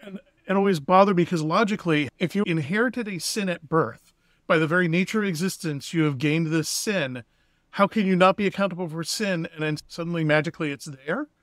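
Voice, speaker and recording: A man co-hosting a podcast with a voice pitched a little higher than most men's, recorded dry and close. He thinks out loud in a loose, conversational way as he works through an idea. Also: brisk, no echo. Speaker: podcast co-host. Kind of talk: casual religious discussion podcast.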